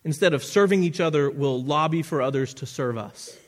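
A man delivers a sermon with earnest conviction, his voice sitting a touch higher than most men's. He often stumbles and restarts his phrases, and chuckles now and then at his own asides. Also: a little fast. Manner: earnest preaching with repeated restarts. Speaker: pastor.

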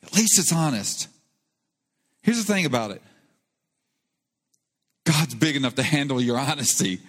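A male pastor delivers a sermon in a church hall with long reverb, sounding earnest and conversational. His medium-pitched voice moves unhurriedly with big pitch swings, rising in emphasis on key points.

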